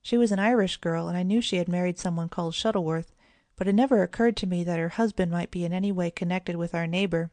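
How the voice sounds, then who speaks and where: A woman voicing a sensible, kindly mother of two children, speaking gravely and gently. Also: fairly low pitch, fast talker, no echo, close to an everyday voice. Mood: gentle.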